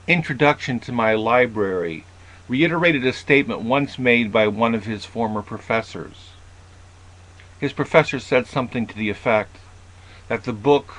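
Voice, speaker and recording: A man giving a reflective philosophical monologue as a video essayist, measured and thoughtful, with occasional restarts. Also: mid-range voice, fairly bright tone, low-quality recording.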